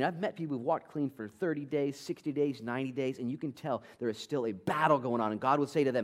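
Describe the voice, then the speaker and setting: Middle-aged male pastor, sermon delivery, animated, loud peaks dropping to near-murmurs. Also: mid-range voice. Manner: animated preaching, swings from loud emphasis to soft intimate tones. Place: church sanctuary.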